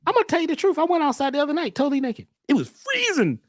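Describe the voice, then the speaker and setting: A man as a podcast guest talking casually in an animated, preachy way, often repeating words as he starts a thought. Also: extremely high pitch, racing, no echo, studio quality.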